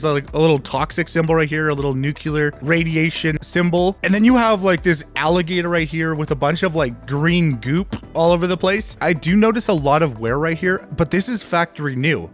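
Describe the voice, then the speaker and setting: A young man casually reviewing video game skins, talking loosely with lots of fillers. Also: a little high. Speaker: gaming YouTuber.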